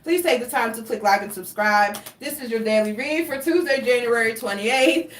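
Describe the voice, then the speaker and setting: A woman's voice: fairly high pitch, normal speed, slight background noise. A young woman giving a casual tarot reading, talking in a rambling, profane, chatty way. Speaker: tarot reader. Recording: roomy echo, distant from mic.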